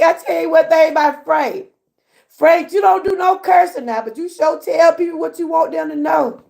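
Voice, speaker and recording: A Georgia woman with a Southern US accent hosts a laid-back livestream, chatting away, laughing a lot and answering her chat. Her voice sits high with vocal fry and a darkish tone.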